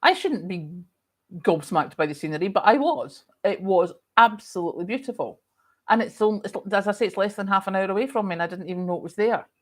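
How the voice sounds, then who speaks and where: A middle-aged Scottish woman hosts a casual livestream, chatting and reading viewer comments aloud. She tells stories in an animated, chatty way, talking fast at a medium pitch, and a cough lingers throughout.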